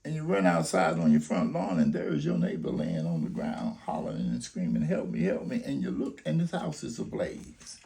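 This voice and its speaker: A man's voice: low-pitched, huge pitch swings, moderate pace, vocal fry, hardly any pauses, warm tone. An older man making an impassioned, preacher-like appeal, full of rhetorical questions and story scenarios. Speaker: grandfather urging people to vote.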